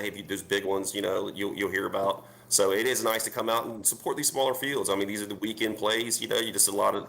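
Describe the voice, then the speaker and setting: A man's voice: fairly low pitch, gravelly, fairly bright tone, slight background noise. A man, a paintball team captain, talking casually on a video-call panel in a rambling way with lots of fillers.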